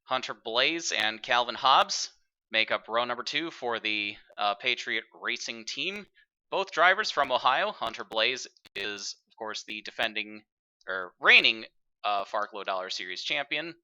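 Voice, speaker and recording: A man hosting and commentating a virtual racing broadcast in an upbeat, broadcast-style delivery with filler pauses. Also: medium pitch, animated, pushed and bright, lo-fi sound. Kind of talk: play-by-play commentary.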